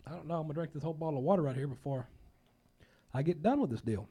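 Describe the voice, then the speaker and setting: Guy hosting a talk show, rambling folksy jokes, kinda under the weather, higher voice. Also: very fast, dark tone, husky. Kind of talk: casual talk show chat.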